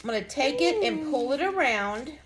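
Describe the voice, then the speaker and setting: A woman's voice: high voice, lively intonation, normal speed, noisy background. A woman giving a casual, folksy craft lesson, chatting to viewers as she demonstrates. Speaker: craft instructor.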